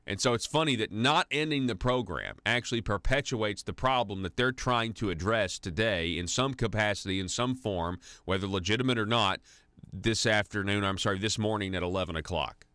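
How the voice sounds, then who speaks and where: A man's voice: on the low side, a little fast, sharp tone, dry recording. A man hosting a conservative talk radio show, delivering an indignant, sarcastic monologue full of restarts into a studio microphone. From United States.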